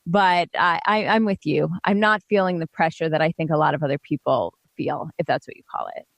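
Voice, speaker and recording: A woman's voice: sits low, a little fast, gravelly, no room sound. A woman hosting a parenting talk show, chatting earnestly and reassuringly about her daughter. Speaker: radio show host.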